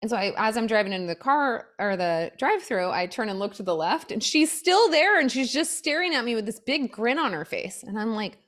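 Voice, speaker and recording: Animated woman telling stories. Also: fairly high pitch, fairly quick, few pauses. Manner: animated storyteller, acts out quotes. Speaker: podcast co-host. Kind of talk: casual chat.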